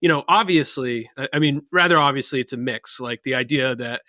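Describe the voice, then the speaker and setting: A man's voice: mid-range voice, fairly quick, sharp tone, dry recording, clean studio sound. A man, a researcher guest on a podcast, explaining his ideas in a casual way with many ums. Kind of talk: casual conversational interview.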